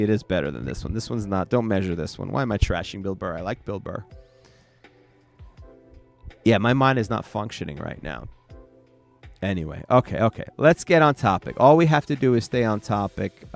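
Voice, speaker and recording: A weary man with a low voice hosts a late-night solo podcast from his small home studio. He rambles, loses the thread and mocks himself. Faint music plays underneath. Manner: scattered, self-deprecating ranting. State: tired and sleepy. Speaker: podcast host.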